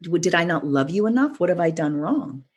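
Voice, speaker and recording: A woman's voice: on the low side, expressive, a little fast, darkish tone, slightly rough. A woman voicing an earnest young boy who dreams of being a farmer in a spoken parable. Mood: pleading.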